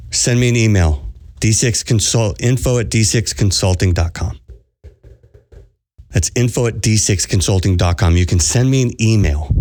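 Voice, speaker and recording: A man's voice: fairly low pitch, darkish tone, no echo. Earnest man preaching, dry close sound. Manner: earnest, urgent, repeats phrases for emphasis. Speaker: podcast host and spiritual coach. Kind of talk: preached monologue to listeners.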